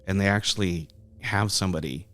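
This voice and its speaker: A man's voice: low voice, fairly quick, fairly bright tone. A man co-hosting a film review podcast, explaining things at length in casual chat, full of fillers and restarts. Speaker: podcast co-host.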